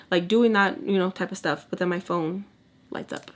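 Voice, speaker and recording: A woman's voice: lowish voice, little pitch movement, a little fast. A young woman in her twenties telling a candid story in casual storytime style, mixing in Spanish words and acting out quoted lines. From Texas. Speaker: storytime vlogger. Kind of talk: casual storytime while doing makeup.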